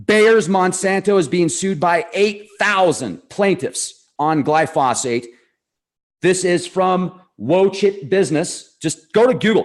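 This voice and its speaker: A man co-hosting a casual talk show, excitable and sarcastic as he talks. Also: sits high. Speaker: co-host.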